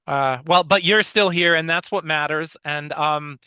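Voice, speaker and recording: A man's voice: fairly high pitch, unhurried, sharp tone, smooth, dry recording. A man interviewing a guest, enthusiastic and complimentary as he asks his questions.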